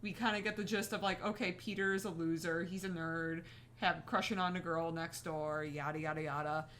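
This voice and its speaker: A woman co-hosting a podcast, chatting casually about a movie in a relaxed way with many fillers. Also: fairly low pitch, brisk, slight background noise. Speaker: podcast co-host. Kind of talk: casual movie review chat.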